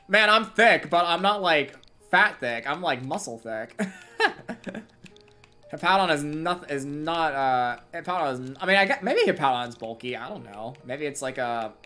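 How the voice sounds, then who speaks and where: Low-voiced woman streaming a game. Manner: excitable, gamer slang, chats with viewers. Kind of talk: live gameplay streaming chat.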